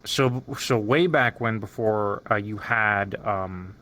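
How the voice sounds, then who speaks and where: A man hosting a casual podcast, telling stories in an animated way and swearing often. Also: on the low side, slow, no echo. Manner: animated, profane storytelling. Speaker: podcast host. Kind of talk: casual chat. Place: streaming setup.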